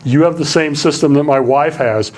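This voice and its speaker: Man, middle-aged, lecturing a live audience, lots of uhs, slightly high voice. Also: moderate pace. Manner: relaxed, many fillers, asks the audience questions.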